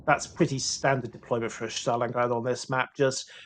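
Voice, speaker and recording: A man giving live esports game commentary, explaining tactics calmly with dry jokes. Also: mid-range voice, brisk, slight background noise. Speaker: esports caster.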